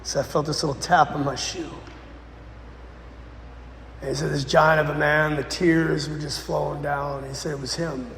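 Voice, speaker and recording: A man, a Catholic priest, telling a dramatic story in a sermon, swinging between loud bursts and hushed lines. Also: fairly high pitch, level tone, moderate pace, gravelly, pauses often, slight background noise. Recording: echoey church with long reverb.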